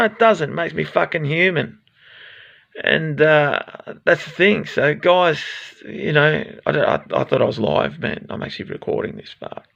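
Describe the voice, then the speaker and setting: Gravelly, sweary Australian man. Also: fairly high pitch, fairly bright tone, dull audio. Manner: rambling, sweary, frank. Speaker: vlogger. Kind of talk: rambling self-recorded monologue.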